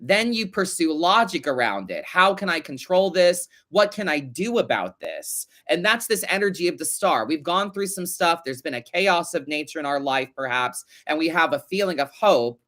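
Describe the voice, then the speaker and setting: Chatty bright-voiced man reading tarot. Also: fairly high pitch, moderate pace, few pauses. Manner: chatty, animated, swears casually. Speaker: tarot reader host. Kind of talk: casual live-stream tarot reading.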